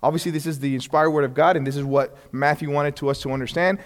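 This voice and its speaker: A man's voice: on the high side, fairly even intonation, fast talker. A man teaching a Bible lesson in a conversational way. He keeps checking in with the class, often restarts his sentences, and acts out bits of dialogue. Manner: frequent restarts and check-ins. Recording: long hall reverb.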